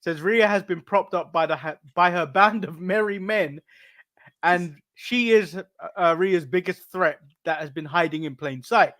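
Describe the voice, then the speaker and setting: A man's voice: sits high, measured pace, a bit bright. A man from England co-hosting a podcast, recapping wrestling in loose, chatty talk and laughing often. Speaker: podcast co-host. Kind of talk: casual wrestling recap chat.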